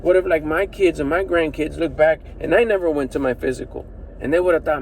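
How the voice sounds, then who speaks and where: A middle-aged man talks to his phone from inside a vehicle in a loose, motivational vlog style. His voice sits a touch high for a man, and he is animated and slangy, swearing freely and firing off rhetorical questions. Faint traffic noise hums behind him. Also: fairly quick, poor audio. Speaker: personal development vlogger. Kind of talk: casual motivational talk to camera.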